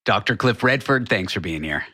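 Bright-voiced male radio host. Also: on the low side, expressive, slightly rough. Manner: joking, quick asides. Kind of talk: casual radio interview.

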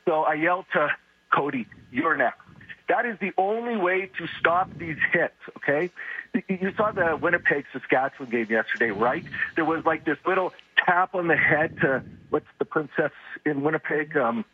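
A hoarse man rants on a call-in line, furious at his team, the referees and the league. His voice sits a little high and comes through muffled and slightly noisy, the way a phone caller sounds on radio. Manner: furious, venting, rapid repetitive complaints. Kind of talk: angry fan rant on call-in radio.

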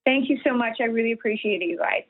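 A woman's voice: a little high, fast talker, husky. A woman guest, a nutritionist and health coach, talks in an earnest way with many restarts in a live radio interview. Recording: tinny phone line.

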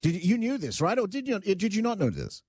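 A man's voice: high voice, very animated, brisk, darkish tone, no echo, studio quality. A man hosting a radio talk show, arguing his point emphatically and joking about himself. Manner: emphatic, argumentative, self-joking.

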